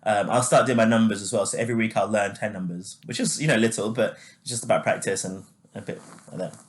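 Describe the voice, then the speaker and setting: A man co-hosting a podcast in casual chat, talking freely with lots of fillers and quick laughs. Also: fairly low pitch. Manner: chatty, laughs easily, many fillers. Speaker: podcast co-host.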